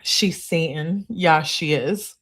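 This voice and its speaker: A woman's voice: sits low, takes it slowly, a bit bright, breathy edge. A woman hosting a true crime channel, reading text messages aloud and breaking in with blunt, incredulous comments.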